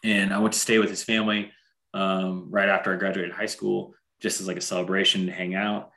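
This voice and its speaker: A man's voice: sits low, flat delivery, a little fast, pushed and bright. A man in his thirties, a wrestler, chatting casually and telling stories with lots of filler words. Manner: chatty storyteller, heavy on fillers like "like". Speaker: podcast co-host, wrestler. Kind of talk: casual chat.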